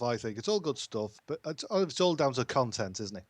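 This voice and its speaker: A man's voice: medium pitch, big pitch swings, a little fast, no echo. A man from England with an English accent, calling in and chatting in an easygoing way, often ending with tag questions. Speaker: phone-in caller. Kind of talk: casual chat.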